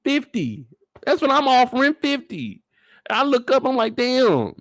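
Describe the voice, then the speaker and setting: A man's voice: extremely high pitch, big pitch swings, normal speed, fairly bright tone, no echo, clean studio sound. A man hosting a live after-show discussion, ranting in disbelief at his viewers and repeating phrases for emphasis. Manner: talks straight to his viewers. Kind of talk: animated live reaction commentary.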